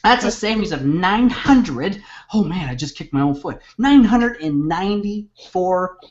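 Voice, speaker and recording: A man presenting a hyped sales webinar in a jokey, excitable way, over dull lo-fi audio. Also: measured pace. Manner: excitable, jokey, big swings in pitch.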